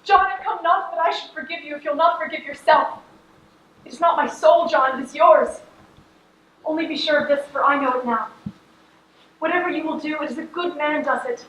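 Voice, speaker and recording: A woman's voice: sits high, moderate pace, fairly bright tone, slight background noise. A teenage actress on a school stage playing a plain, earnest farm wife who pleads with her husband. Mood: tender. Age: late teens. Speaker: student actor. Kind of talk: stage acting in a school play. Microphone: distant camera in the audience. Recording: echoey hall from far off.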